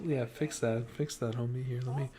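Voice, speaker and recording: A man's voice: medium pitch, steady tone, brisk, mellow. A young man running a streamed tabletop game as game master, laughing often and teasing his players between stretches of casual narration.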